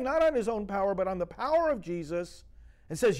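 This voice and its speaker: A man's voice: sits high, big pitch swings, brisk, darkish tone. A male priest giving a scripture reflection, reading Bible passages aloud and building to emphatic, urgent preaching. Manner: reads scripture aloud, then grows fervent and emphatic.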